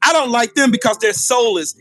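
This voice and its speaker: A man's voice: very high voice, brisk, fairly bright tone, soft background music. A man hosting a livestream, in a furious, profane political rant, taunting viewers with repeated questions. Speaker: livestream host.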